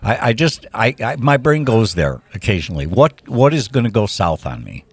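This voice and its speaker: Male co-host with a low, very expressive voice; casual and stumbling, recorded dry and close. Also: moderate pace, slightly rough, no echo. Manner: animated, stumbling over words. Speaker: podcast co-host. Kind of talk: casual chat.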